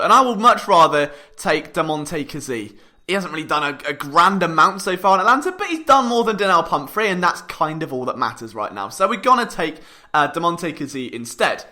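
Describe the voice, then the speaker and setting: A young British man hosts a sports podcast with a high, sharp, bright voice. He talks in a jokey, animated way and pokes fun at himself as he goes. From Britain. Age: young adult. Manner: jokey, animated, self-mocking. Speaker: podcast host.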